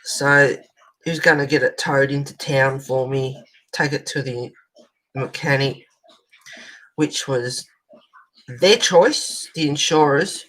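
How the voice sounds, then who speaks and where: A woman's voice: rumbling low, slow, long pauses, poor audio. Rambling Australian woman chatting while colouring. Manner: rambling animated storyteller, swears casually. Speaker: colouring channel host. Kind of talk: casual chat while colouring.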